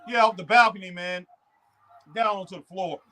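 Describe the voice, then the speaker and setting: A middle-aged man with a high voice chats casually about wrestling as a co-host. He talks in an animated, drawling way and keeps acting out wrestlers in asides. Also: moderate pace. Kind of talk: casual chat.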